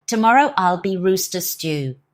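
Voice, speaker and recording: A woman voicing a tearful male rooster in a storybook, with a shrill, crowing way of speaking. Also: very animated, moderate pace. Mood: gloomy.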